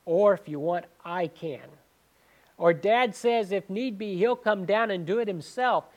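Man doing a sleepy deadpan little sister, slow. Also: sits high. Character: sleepy younger sister in pajamas.

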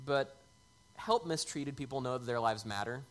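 A man's voice: mid-range voice, normal speed. A man preaching a sermon in a conversational way, lifting his voice on key words. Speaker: pastor.

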